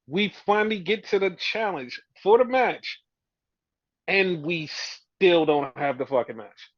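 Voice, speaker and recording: A man's voice: sits high, animated, measured pace, no echo, highs cut off. A man co-hosting a podcast, ranting with exasperation about a wrestling show and swearing freely. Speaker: podcast co-host. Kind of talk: casual wrestling review chat.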